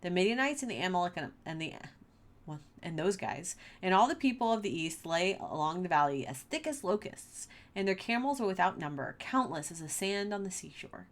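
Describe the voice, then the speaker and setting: Lively woman reading and riffing on scripture. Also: fairly low pitch, fairly quick. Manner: animated, playful asides between read passages. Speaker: Bible podcast host. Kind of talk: casual Bible reading and commentary.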